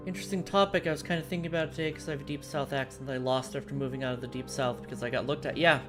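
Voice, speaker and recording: Woman, General American accent, casual stream chat, thoughtful, digressive, quiet music in the background. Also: a bass voice, steady tone, very fast. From United States. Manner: thoughtful and digressive, thinking aloud. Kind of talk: casual chat while streaming a strategy game.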